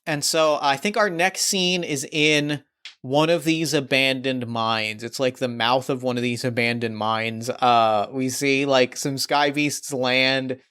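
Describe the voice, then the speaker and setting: A man's voice: mid-range voice, fairly even intonation, a little slow, sharp tone, clear, resonant tone. A man improvising a tabletop role-play story in casual chat, thinking aloud as he proposes scenes.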